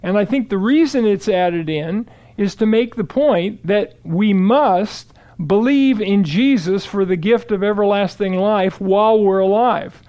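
Man, high voice, bible teacher, steady explanatory delivery, quotes verses. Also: unhurried. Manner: steady explanatory delivery, quoting scripture aloud.

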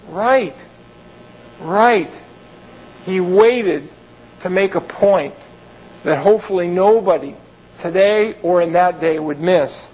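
Pastor guy with a really high voice, chatty sermon, kinda muffled lo-fi sound. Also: slow, long pauses, slightly rough. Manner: conversational, explains verses in plain asides. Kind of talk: sermon with Bible reading.

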